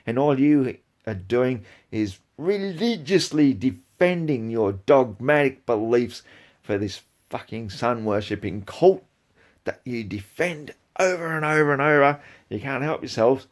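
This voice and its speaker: A man rants at the camera in a heated, profane commentary, dropping to low mutters and then flaring into loud outbursts. His pitch sits in the ordinary middle for a man. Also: expressive, unhurried. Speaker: video creator. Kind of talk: angry ranting commentary.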